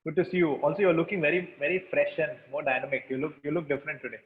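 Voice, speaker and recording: A man hosting an online webinar, chatting with guests and leading a calm, repetitive guided energy exercise over a video call. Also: on the high side, very fast. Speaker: webinar facilitator. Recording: tinny call audio with room echo.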